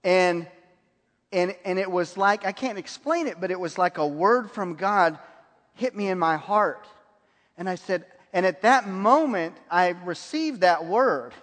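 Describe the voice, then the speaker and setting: A man with a high voice preaches a sermon in a church hall, telling stories and laughing at his own anecdotes. His words ring out with a long reverb off the walls. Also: animated, a little slow, a bit bright.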